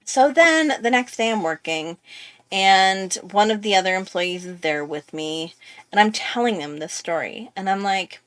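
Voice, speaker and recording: A woman's voice: medium pitch, expressive, unhurried, fairly bright tone, no echo. Chatty young woman rambling through a story. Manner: chatty, rambling, full of fillers. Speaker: art YouTuber. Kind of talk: casual storytelling.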